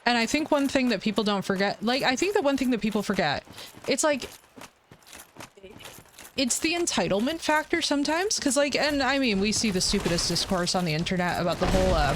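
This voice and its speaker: A woman live-streaming a game, rambling candidly and joking in loose slang. Her voice sits mid-range for a woman. A steady noise runs under the live audio. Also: mid-range voice. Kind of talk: casual chat while playing.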